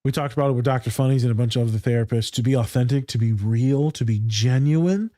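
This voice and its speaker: A man's voice: mid-range voice, quick pace, no room sound, studio quality. Swearing, laughing male therapist podcaster. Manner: animated storytelling, swears freely, laughs often. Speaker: podcast co-host. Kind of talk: casual profane chat.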